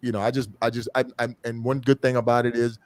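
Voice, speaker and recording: A man's voice: medium pitch, little pitch movement, quick pace, a little mellow, no echo. A man, an endurance motorcycle rider, talking earnestly in a casual podcast conversation and repeating phrases for emphasis.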